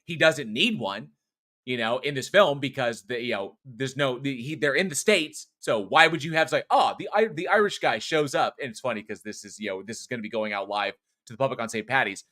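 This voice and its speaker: A man co-hosting a horror show, rambling through a film review with plenty of swearing and false starts. His voice is bright and forward, sitting at an ordinary middle pitch. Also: fairly quick. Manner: rambling, profane, frequent restarts and fillers. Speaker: podcast co-host. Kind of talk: casual film review chat.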